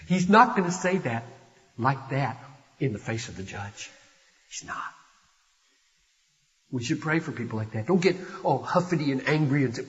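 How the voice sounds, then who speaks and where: An older man, a pastor, preaching an impassioned sermon that swells from hushed to loud and urgent. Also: mid-range voice, expressive, normal speed, long pauses. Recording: dull, echoey hall recording.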